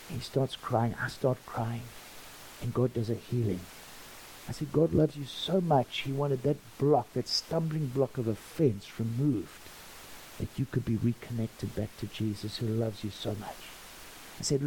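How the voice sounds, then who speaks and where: A man, a pastor preaching a sermon and acting out the dialogue of his stories with lively energy. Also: medium pitch, moderate pace, slight background noise, poor audio. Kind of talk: storytelling sermon.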